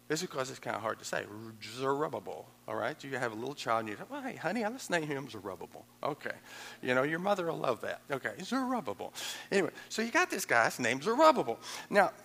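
A man preaching a sermon as pastor, animated and conversational, acting out quoted voices with chuckles. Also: mid-range voice, quick pace, gravelly, a little hiss or hum. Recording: echoey hall with long reverb.

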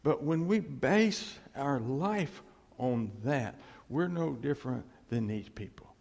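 A man preaching a sermon as a pastor, animated and laughing often, dropping to a hush on key phrases. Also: medium pitch, slow pace, creaky. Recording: long hall reverb.

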